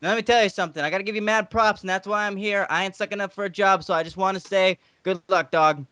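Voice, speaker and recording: A man's voice: sits high, steady tone, fast talker, bright, forceful tone, a little hiss or hum. A man doing a slangy old wrestling manager. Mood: easygoing. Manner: streetwise slang, calls people dog and player. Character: swaggering older male wrestling manager, slangy. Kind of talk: comic impression on a podcast.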